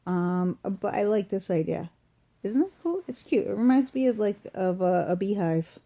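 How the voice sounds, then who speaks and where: Recorded at home on a phone or webcam held close in front, this woman vlogger with a Massachusetts accent meanders through an unboxing while feeling sick and weak, stumbling over fillers and restarts. Her voice is medium in pitch and dark in tone, animated, and moves at a normal speed.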